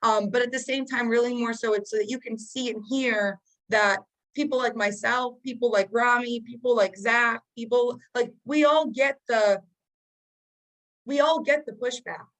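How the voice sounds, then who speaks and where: A woman's voice: on the high side, normal speed, a bit bright, rough recording. Upbeat woman coaching sales agents. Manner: casual, upbeat coaching with frequent fillers. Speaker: sales trainer. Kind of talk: training call. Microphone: video call.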